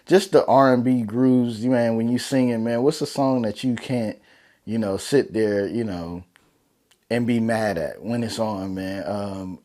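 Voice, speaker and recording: Laid-back man with a low, mellow voice. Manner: relaxed, conversational, heavy slang. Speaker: podcast host. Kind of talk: casual solo podcast talk.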